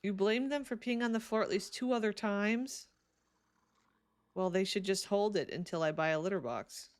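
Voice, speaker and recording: A woman's voice: mid-range voice, moderate pace, no echo. A young woman streaming a life-sim game, chatting casually and giggling as she talks to her characters, sleepy and yawning. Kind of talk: casual live game commentary.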